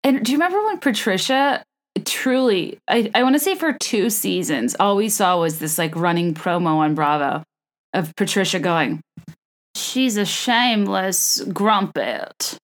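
A woman's voice: on the low side, animated, normal speed. A young woman from the American South hosting a solo podcast, rambling casually and poking fun at herself. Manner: chatty, self-deprecating, rambling with restarts and laughs. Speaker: podcast host.

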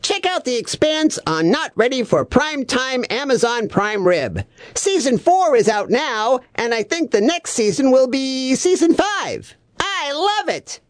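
A clueless, overeager male reviewer, as a woman plays him rattles on with mixed-up words and doubled phrases. The pitch sits a bit high and swings about in a bouncy sing-song. The recording is dry and close, with no room sound. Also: very animated, a little slow, dry recording. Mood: chirpy. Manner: chirpy, absent-minded, malapropisms and doubled words. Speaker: comedic reviewer. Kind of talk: scripted comedy monologue.

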